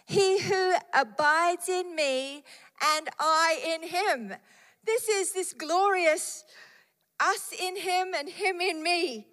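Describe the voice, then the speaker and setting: A woman's voice: very high-pitched, slow, a bit bright, long reverb tail. A woman preaching a sermon with emphatic repetition of key phrases and scripture read aloud.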